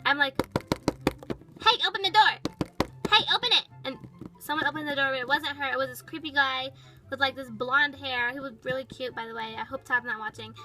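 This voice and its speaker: A woman's voice: sits high, little pitch movement, a little fast, sharp tone, rough recording. A woman voicing a bratty, dramatic young female toy pet, telling a toy storytime with valley-girl chatter full of "like". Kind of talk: toy-figure storytime narration.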